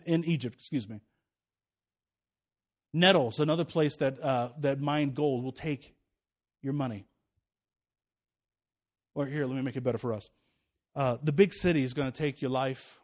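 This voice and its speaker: A man with a notably high voice preaches a sermon as a pastor. His delivery is animated, sinking low and soft for asides, then climbing high and loud when he warns his listeners.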